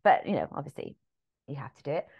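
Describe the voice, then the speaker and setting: Lively English actress telling stories. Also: female voice, sits low, quick pace, vocal fry, breathy edge, lo-fi sound. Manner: lively storyteller, acts out quoted lines. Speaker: musical theatre actress, guest. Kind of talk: casual anecdotal chat.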